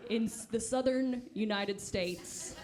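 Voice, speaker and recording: A woman's voice: on the high side, slow, a crowd in the background. Woman in mock-earnest outrage. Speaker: comedian debater. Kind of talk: mock-serious debate speech. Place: comedy club stage.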